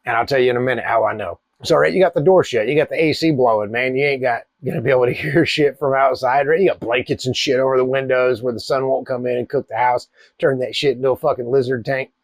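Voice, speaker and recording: A man, hosting a cigar channel and telling a wild story in a profane, animated way. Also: mid-range voice, fast, no room sound. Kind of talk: casual storytelling.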